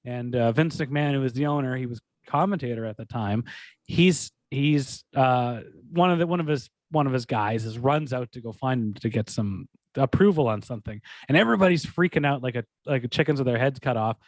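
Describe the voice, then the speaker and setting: A man co-hosting a sports podcast, telling stories in a rambling, animated way full of restarts. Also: mid-range voice, a little fast, no echo. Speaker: podcast co-host. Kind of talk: casual sports talk.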